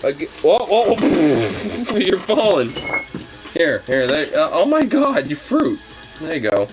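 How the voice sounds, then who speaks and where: A dog owner talks to their pet in playful, teasing baby talk, with swearing and laughter mixed in. The voice leaps and dips over a very wide pitch range and moves slowly, with faint music in the background. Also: very animated, rough recording.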